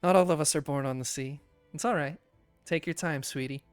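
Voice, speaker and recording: A man's voice: a little high, fairly quick, clean tone, no room sound, faint music behind, close to an everyday voice. Man putting on a wood elf woman, flirty, soothing, close dry sound. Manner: soothing, gently teasing. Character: flirty sweet-talking female wood elf sailor.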